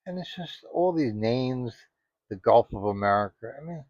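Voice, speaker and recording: A man's voice: medium pitch, expressive, normal speed, no echo. A man giving casual spoken commentary, rambling and indignant, full of "you know" asides. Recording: dry, dull lo-fi audio.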